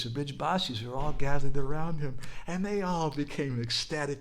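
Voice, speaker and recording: A man's voice: on the high side, normal speed, few pauses. A man giving a devotional talk, telling stories with whispered asides and chanted verses. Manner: animated storytelling, drops to whispers, bursts into chanting. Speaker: spiritual teacher.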